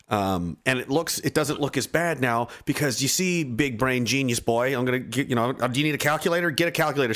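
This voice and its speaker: A man in his thirties talks casually to his livestream chat, sarcastic and ranting as he mocks the people commenting. His voice sits at an ordinary pitch but swings widely up and down as he goes. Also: a bit bright. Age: 30s. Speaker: livestream host reading chat.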